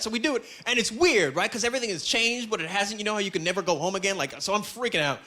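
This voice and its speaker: Young male stand-up from Canada, bright high voice, animated delivery, stage mic, faint noise. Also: racing, few pauses. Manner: animated, jumps into loud high character voices. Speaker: stand-up comedian. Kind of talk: stand-up comedy set. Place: comedy club stage. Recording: live club with audience.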